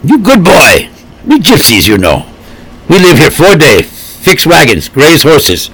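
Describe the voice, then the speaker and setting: A man's voice: fairly high pitch, wildly swooping pitch, slow pace, fairly bright tone, breathy edge, exaggerated voice, low-quality recording. Man voicing a kindly old woman, heavy accent, broken English, motherly, storybook reading. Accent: foreign-accented broken English. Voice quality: thick-accented, simple broken phrasing.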